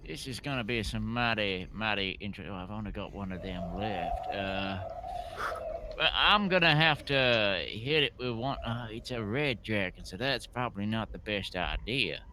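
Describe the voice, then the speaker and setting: A man's voice: on the low side, measured pace, noisy background. A man playing a tabletop game, stammering and mumbling through his turn with lots of fillers. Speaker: player. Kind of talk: casual tabletop game play.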